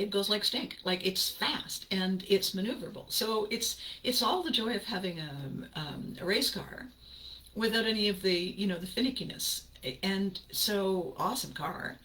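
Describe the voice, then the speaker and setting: A podcast host tells a personal story on her own show, casual and animated, laughing often and acting out her reactions. Her voice is lowish, pushed and bright, and the recording quality is low.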